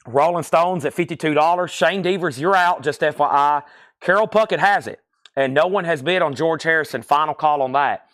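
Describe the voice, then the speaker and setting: A man hosting a live record sale stream, briskly calling out titles, prices and buyers. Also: on the high side, fairly bright tone, no echo, clean studio sound.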